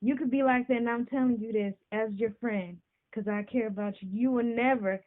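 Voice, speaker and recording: A woman hosting a podcast, talking casually and warmly about friendship, often asking "you know what I'm saying". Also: on the high side, steady tone, a little fast. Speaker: podcast host. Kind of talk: casual talk to camera. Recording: tinny phone-like sound.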